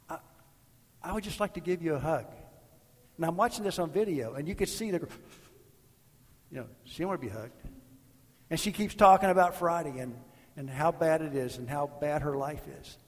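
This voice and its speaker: A middle-aged man, a guest pastor, telling stories in a sermon, swinging from loud bursts to near whispers. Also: on the high side, big-room sound. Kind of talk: sermon with altar call. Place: church sanctuary.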